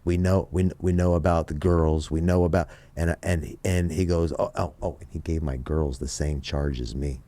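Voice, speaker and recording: A man from Las Vegas, a podcast guest, telling a story in casual talk, animated and swearing freely as he acts out what people said. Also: rumbling low, moderate pace, few pauses. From Las Vegas, USA. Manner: animated, profane, acts out other people's lines.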